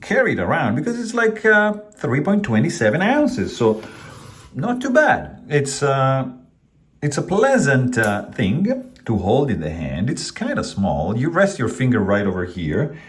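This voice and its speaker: Man, casual product review, relaxed, rambling, lively pitch, fiddling with the knife. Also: unhurried. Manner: relaxed, rambling, many fillers and restarts; handling the knife while talking.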